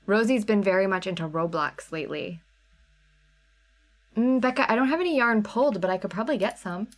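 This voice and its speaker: A woman hosting a live craft sale stream. She chats loosely and answers viewers by name as she shows items. Her voice sits at an ordinary middle pitch for a woman. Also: lively intonation, a little fast. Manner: chatty, reads out viewer names and chat comments. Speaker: livestream sale host. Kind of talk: casual live sale chat.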